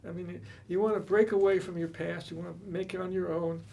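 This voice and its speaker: A man in his seventies reminiscing in casual chat, relaxed and measured, chuckling at times. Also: high-pitched, vocal fry, highs cut off, a little hiss or hum. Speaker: co-host.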